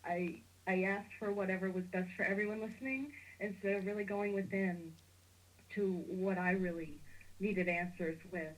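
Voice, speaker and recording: A woman's voice: mid-range voice, moderate pace, low-quality recording. A woman from Missouri calling in to a spiritual radio show, earnest and heartfelt, with nervous laughter. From Missouri, USA. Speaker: caller. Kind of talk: emotional call-in chat.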